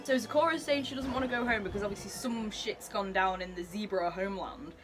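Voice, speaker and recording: A woman's voice: medium pitch, fairly quick, hardly any pauses, a bit bright, faint music behind. A woman reacting to a comic as she reads it, gushing and giggly with lots of exclamations. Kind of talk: excited reading reaction.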